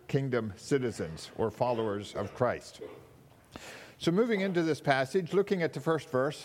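A man preaching a sermon in a measured, teaching tone, slowing down to stress key words. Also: medium pitch.

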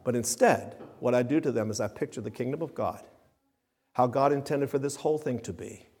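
A man's voice: mid-range voice, a little fast, darkish tone, breathy edge. A man preaching a sermon with emphatic, rising and falling delivery. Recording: long reverb of a hall.

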